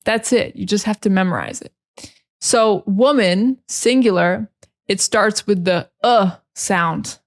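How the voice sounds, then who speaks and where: A woman's voice: medium pitch, slow pace. An American woman teaching English pronunciation, drilling words over and over with heavy stress and a friendly manner. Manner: friendly, laughs at her own slips. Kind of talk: slow, clear teaching monologue.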